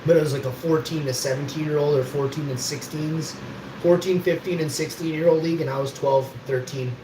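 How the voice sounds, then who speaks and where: A livestream host tells rambling, boastful stories and swears freely. His voice is fairly high-pitched, steady in tone, and brisk. The room is echoey, with background noise.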